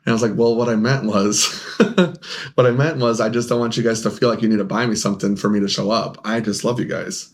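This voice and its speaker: A man's voice: on the low side, fairly even intonation, a little fast. A young man, a podcast co-host who owns a game store, telling rambling stories in casual chat, laughing often and acting out the people he quotes.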